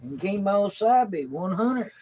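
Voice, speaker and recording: A man's voice: high-pitched, expressive, slow, mellow, slight background noise, low-quality recording. An older man co-hosting a casual live stream, rambling easily and reading out viewer names.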